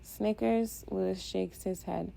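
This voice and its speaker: A woman reading a first-person audiobook in a steady, introspective way. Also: on the low side, normal speed, gravelly. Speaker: audiobook narrator.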